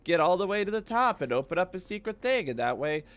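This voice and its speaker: A man streaming a video game, joking and swearing through casual gameplay commentary, breaking into sudden high-pitched outbursts. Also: sing-song, fast talker, fairly bright tone, slight background noise.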